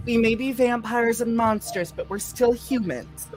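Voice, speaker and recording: A woman's voice: on the high side, unhurried, a little mellow, soft background music, voice pushed up, natural voice. A woman voicing a sweet-talking female vampire therapist with a cooing, syrupy manner.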